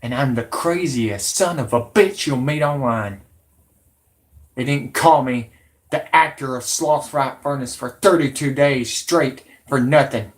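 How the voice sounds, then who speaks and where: A man's voice: medium pitch, a little slow. A man, a channel host ranting angrily at his viewers, swearing and combative. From Alabama, USA. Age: 40s. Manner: profane, combative, shouting at viewers. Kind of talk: angry ranting monologue.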